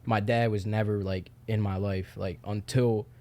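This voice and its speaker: A man's voice: lowish voice, flat delivery, moderate pace, darkish tone. A young man speaking as a podcast guest, talking in a loose, candid way with lots of "like" and casual swearing. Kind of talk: casual chat.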